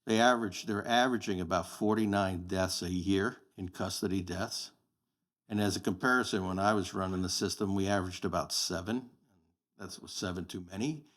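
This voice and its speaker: Blunt, anecdotal man in his sixties; low-set voice, relaxed interview storytelling. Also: fairly quick. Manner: plain-spoken, anecdotal, blunt. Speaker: podcast guest, sheriff candidate.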